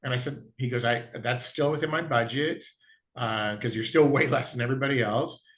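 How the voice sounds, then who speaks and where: A man, a guest diamond dealer in a casual interview, telling anecdotes and acting out both sides of the dialogue, clearing his throat now and then. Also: mid-range voice, fairly quick, fairly bright tone.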